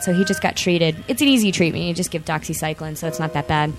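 A woman in her thirties hosting a casual chat show, rambling and excitable with lots of fillers. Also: low voice, fast, hardly any pauses, soft background music. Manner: excitable, animated outbursts. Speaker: podcast host.

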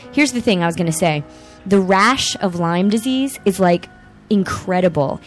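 A woman in her thirties hosting a casual chat show, rambling and excitable with lots of fillers. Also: medium pitch. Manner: excitable, animated outbursts. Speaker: podcast host.

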